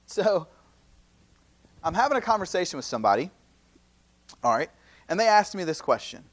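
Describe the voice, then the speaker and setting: A campus minister in his late thirties leads a youth seminar in a relaxed, conversational style, his voice sitting a little high. He poses rhetorical questions, keeps checking in with "right?", and occasionally slips into lively, quick impressions of other people.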